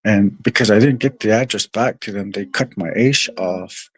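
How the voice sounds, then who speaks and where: A man's voice: fairly low pitch, moderate pace, slightly rough. A man telling a long story to his viewers in a rambling, profane way, often calling out to them as "you guys.". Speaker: livestream host.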